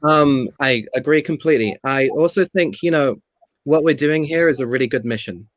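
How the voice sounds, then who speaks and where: A man's voice: medium pitch, moderate pace, no room sound, rough recording. A man on a video call speaking sincerely and earnestly as an interview guest. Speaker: guest actor.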